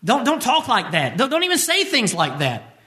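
A man's voice: very high-pitched, huge pitch swings, moderate pace, pushed and bright, pitched above the performer's own voice, exaggerated voice. A preacher acting out an impulsive male apostle. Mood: protesting. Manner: blunt, protesting.

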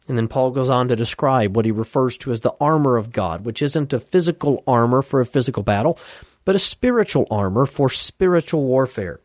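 A male preacher delivers a sermon in an earnest, measured way. His voice sits at a middle pitch and builds emphasis through repeated phrases. The sound is dry and close, with no room echo. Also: animated, a little mellow. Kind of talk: expository sermon.

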